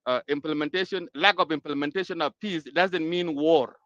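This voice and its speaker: A man from Sudan, moderating an online audio-room discussion in a measured, hesitant way with many pauses and fillers. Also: on the high side, fairly even intonation, fairly bright tone, dry recording, lo-fi sound. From South Sudan.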